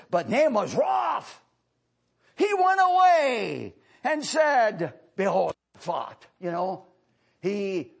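A man preaching a revival sermon who swings between fervent shouted highs and low, hushed passages. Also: vocal fry, breathy edge.

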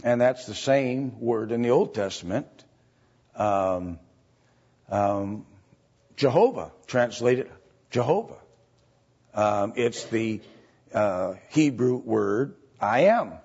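A man teaching a Bible study lecture, halting with fillers and often checking in with "right?" and "okay?". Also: medium pitch, darkish tone, breathy edge. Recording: dull lo-fi recording.

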